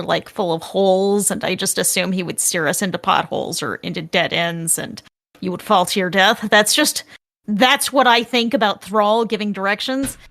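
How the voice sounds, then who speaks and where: A woman's voice: mid-range voice, fairly bright tone. A woman co-hosting a casual podcast, musing in a hesitant, thinking-aloud way. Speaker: podcast co-host.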